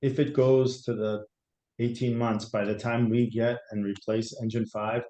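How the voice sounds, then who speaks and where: A man's voice: medium pitch, little pitch movement, dark tone. Serious man stressing safety. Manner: serious, stresses safety, short halting starts. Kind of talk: public meeting testimony. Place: town meeting room. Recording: echoey meeting room.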